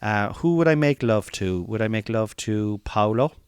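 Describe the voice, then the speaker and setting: Irish man, podcast host, joking and rambling, clear smooth voice, dry close mic. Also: on the low side, expressive, normal speed, darkish tone, no room sound. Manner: jokey, laughing, rambling. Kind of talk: casual podcast banter.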